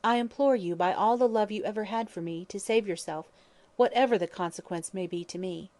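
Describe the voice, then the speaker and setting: A woman reading an audiobook, voicing a devoted young woman who pleads softly and tearfully. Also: mid-range voice, fairly quick, no echo, lightly acted. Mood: pleading.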